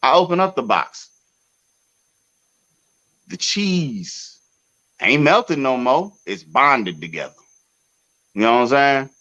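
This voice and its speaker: Animated man telling a heated story. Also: medium pitch, normal speed, dull audio. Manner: animated, profane, jumps to loud outbursts. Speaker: podcast host. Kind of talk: casual storytelling.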